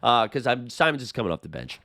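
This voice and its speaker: A man with a Boston accent hosting a casual sports chat, his voice hoarse from being sick, talking in a rambling way with lots of fillers. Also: medium pitch, very animated, quick pace, bright, forceful tone, no room sound, studio quality. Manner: chatty, rambling with many fillers. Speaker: sports channel host.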